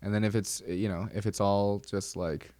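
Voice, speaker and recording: A man's voice: lowish voice, steady tone, normal speed, a little mellow, no echo. Rambling, joking man podcast host. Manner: rambling, self-deprecating jokes, many ums and restarts. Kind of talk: casual solo podcast monologue.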